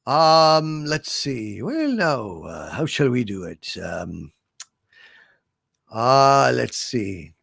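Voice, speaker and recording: Male stream host, unhurried and halting, thanks viewers, dry close sound. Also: mid-range voice, big pitch swings, gravelly, a bit bright, no room sound. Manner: rambling, with frequent filler hesitations. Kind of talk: casual live stream chat reading super chats.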